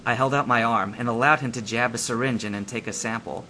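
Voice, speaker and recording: A man reading first-person fanfiction aloud in a lively, expressive way. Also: mid-range voice, fast, a little hiss or hum. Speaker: audiobook reader.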